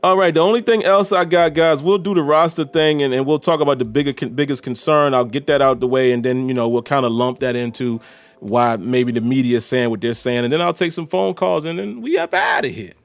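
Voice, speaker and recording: A man's voice: mid-range voice, fairly quick, gravelly, no room sound. A man hosting a solo podcast, talking casually and directly to his listeners. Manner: chatty, animated, talks straight to listeners. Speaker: podcast host.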